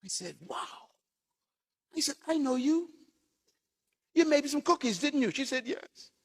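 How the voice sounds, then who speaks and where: A man's voice: very high voice, lively intonation, unhurried, long reverb tail. A man preaching a sermon as a pastor, delivering short punchy phrases and telling stories to his congregation.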